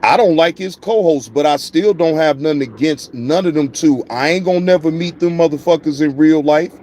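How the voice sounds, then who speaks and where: A man's voice: a little high, brisk, warm tone, a little hiss or hum. A man hosting a casual live-stream reaction show, speaking, profane and repetitive, addressing viewers in the chat by name.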